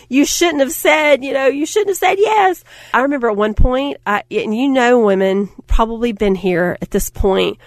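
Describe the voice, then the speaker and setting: Animated woman, dry close sound. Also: sits high, unhurried, dry recording. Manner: animated storytelling, acts out quotes, laughs often. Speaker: speaker. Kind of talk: motivational talk.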